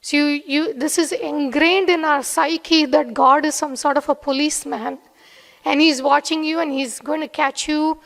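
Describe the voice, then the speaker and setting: A woman giving an earnest devotional talk, telling a personal story in a soft-spoken way. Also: sits high, steady tone, normal speed, creaky. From USA. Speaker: devotional speaker. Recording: long hall reverb.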